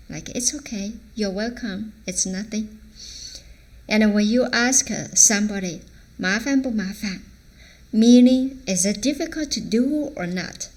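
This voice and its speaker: A woman teacher with a Chinese accent, a native Chinese speaker, explaining phrases and acting out their intonation in a language lesson. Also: medium pitch. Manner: demonstrates phrases with varied intonation.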